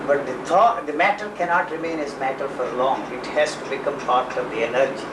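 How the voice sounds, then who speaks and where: A man speaking in blunt, aphoristic statements in an unhurried philosophical conversation. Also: medium pitch. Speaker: interviewee. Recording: echoey room, mic far off, background noise.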